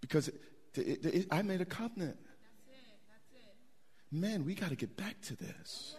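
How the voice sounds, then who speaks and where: Man pastor preaching, lively rising and falling voice, slightly high, middle-aged, talks back to the congregation. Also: a little slow, breathy edge. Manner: animated preaching with repetitions and asides to the congregation. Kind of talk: sermon.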